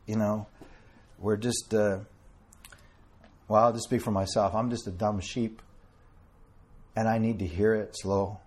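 A man delivers a sermon to a small congregation in a husky, somewhat low voice. He is earnest and fervent, slowing down to stress scripture quotations, with a chuckle now and then between lines. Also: level tone, a little mellow. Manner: quotes King James scripture with a chuckle between. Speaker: preacher.

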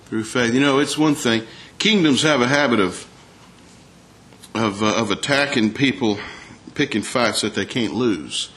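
A man preaching a sermon at a middling pitch. He talks in a folksy, conversational way, reads scripture aloud and often turns to the congregation with a question. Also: a little slow, a bit bright.

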